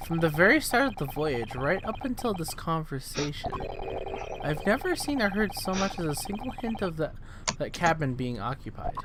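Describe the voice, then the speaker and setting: Guy streaming a game, reading the lines out politely, bit high voice, hissy audio. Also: big pitch swings, moderate pace.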